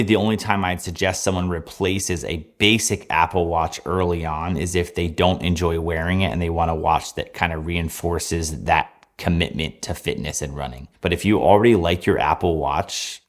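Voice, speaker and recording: A man talking through a scripted review of running watches, measured and plain-spoken. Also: low voice.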